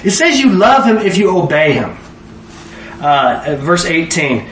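A man's voice: fairly high pitch, big pitch swings, measured pace, a bit bright. A man teaching a conversational Bible study sermon, often asking the audience questions, recorded in an echoey room from a distant mic with faint background noise. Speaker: preacher.

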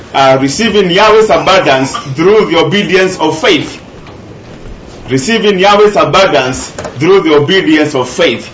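A man's voice: fairly high pitch, fairly bright tone, echoey room, muffled recording, a little hiss or hum. A man preaching a sermon, teaching earnestly and repeating key phrases for emphasis. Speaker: pastor.

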